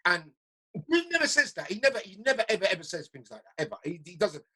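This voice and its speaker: A middle-aged man with a bright, husky voice. He tells stories in a relaxed chat, slips into the voices of the people he quotes, and often repeats himself as he goes. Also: sits high, quick pace, low-quality recording. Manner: lively storyteller, acts out quotes, repeats himself. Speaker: interviewer, DJ. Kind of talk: casual conversation.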